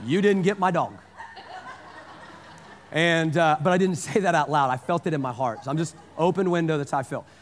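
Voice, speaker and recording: A man's voice: a little high, quick pace, few pauses, slight background noise. A man in his forties preaching a sermon in a casual, storytelling way, repeating phrases for emphasis. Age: 40s. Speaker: pastor. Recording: long hall reverb.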